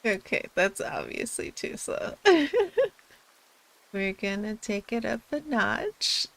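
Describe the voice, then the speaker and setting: A woman's voice: mid-range voice, animated, slow, vocal fry, a bit bright. A woman streaming, chatting casually and laughing often. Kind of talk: casual chat.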